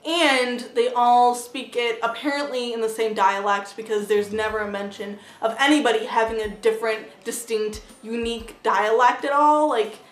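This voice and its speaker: A woman's voice: a little high, steady tone, moderate pace, few pauses. A woman giving a casual, blunt book review vlog, chatty and full of "like" fillers, swearing freely. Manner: chatty, heavy use of "like" fillers. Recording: roomy echo.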